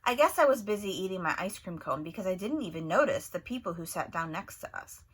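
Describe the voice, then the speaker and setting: A woman teacher reads a novel aloud to her class, telling it with plenty of expression. Her voice sits low and sounds husky. It is bright and lively in its rise and fall. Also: quick pace.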